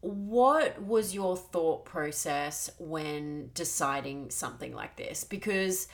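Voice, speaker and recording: A woman hosting a podcast, asking gentle, careful interview questions. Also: low voice, lively intonation, takes it slowly, gravelly. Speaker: podcast host.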